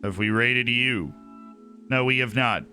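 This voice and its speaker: Bright-voiced, tired man streaming a game. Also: medium pitch, a little slow, faint music behind. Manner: chatty, upbeat, thanks subscribers by name. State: tired, voice starting to go. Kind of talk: casual game livestream commentary.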